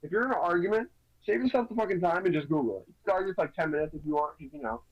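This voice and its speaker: A man's voice: high-pitched, rapid-fire, highs cut off. A young man co-hosting a podcast, chatting loosely with lots of restarts and fillers. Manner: rambling, many restarts and "you know"s. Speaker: podcast co-host. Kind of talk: casual chat.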